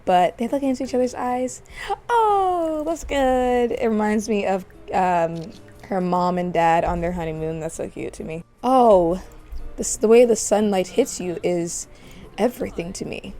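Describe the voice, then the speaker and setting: Woman, let's play commentary, chatty and playful, mellow voice, faint music behind. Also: mid-range voice, measured pace. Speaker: gaming channel host.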